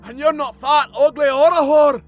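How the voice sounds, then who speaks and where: A man's voice: very high-pitched, steady tone, normal speed, voice pushed up. A man voicing a lovesick young male slasher killer who gushes in a breathless, mock-romantic way.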